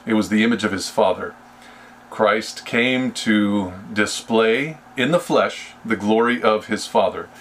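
A man leading a Bible study, speaking slowly and deliberately and often restarting his sentences. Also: lowish voice, fairly bright tone, slight background noise. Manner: slow and deliberate, with frequent restarts. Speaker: Bible teacher.

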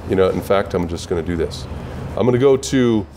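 A man's voice: deep voice, lively intonation, fairly quick, warm tone, a little hiss or hum. A man teaching a Bible study, emphatic and full of rhetorical questions to his listeners.

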